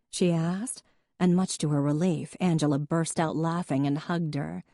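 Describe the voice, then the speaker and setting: Woman narrator, steady measured audiobook read, low and mellow, dry close sound. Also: no echo. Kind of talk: scripted narration.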